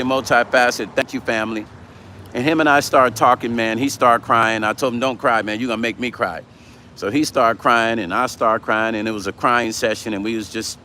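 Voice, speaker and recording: A man's voice: medium pitch, sharp tone, a little hiss or hum. Blunt, profane man on a live stream. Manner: blunt and profane, reads viewer comments aloud. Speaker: vlogger hosting a livestream. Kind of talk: casual livestream chat.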